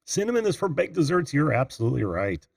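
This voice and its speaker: Gravelly, animated man hosting a call-in show. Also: on the high side, fast talker, no room sound, clean studio sound. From Indiana. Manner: chatty, laughs often, greets viewers by name. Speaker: host of a live video call-in show. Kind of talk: casual live-stream chat.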